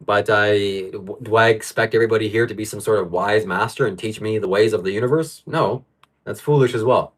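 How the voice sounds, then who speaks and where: With a fairly low voice and a quick pace, a livestream host reads viewer comments out loud from home, getting frustrated and ranting about what they say.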